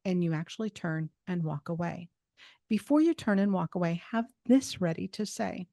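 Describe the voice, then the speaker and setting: Woman host, lowish warm voice, dry close sound, calm coaching tone that repeats itself. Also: moderate pace, vocal fry, no echo. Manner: steady, instructive, repeats phrases for emphasis. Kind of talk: self-help advice talk.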